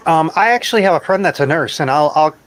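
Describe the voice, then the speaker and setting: A man's voice: fairly high pitch, lively intonation, quick pace, poor audio. Blunt man with a raised voice. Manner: blunt, emphatic, swears casually. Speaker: livestream chat participant. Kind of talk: casual group chat.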